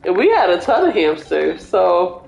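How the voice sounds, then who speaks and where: A woman's voice: on the low side, big pitch swings, moderate pace, gravelly, darkish tone, a little hiss or hum. A young woman chatting casually as a livestreamer, rambling through stories with lots of fillers. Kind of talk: casual chat. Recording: roomy echo with faint music.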